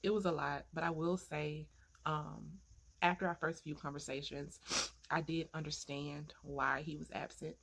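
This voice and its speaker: A woman's voice: sits low, steady tone, normal speed, fairly bright tone. A woman vlogger telling a heartfelt personal story in an earnest way, repeating phrases for emphasis and turning to faith-filled encouragement.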